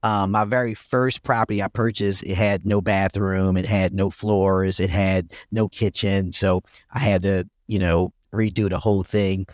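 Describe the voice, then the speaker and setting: A man's voice: low voice, little pitch movement, a little slow, hardly any pauses, darkish tone, no room sound, clean studio sound. Laid-back philly guy telling stories. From North Philadelphia, USA. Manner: laid-back storytelling, laughs often, blunt and profane. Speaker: guest, real estate investor. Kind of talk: casual podcast interview.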